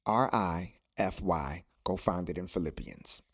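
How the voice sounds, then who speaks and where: A man's voice: low-pitched, a little slow. A man hosting a podcast, speaking in a preachy, motivational way and repeating phrases for emphasis. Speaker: podcast host.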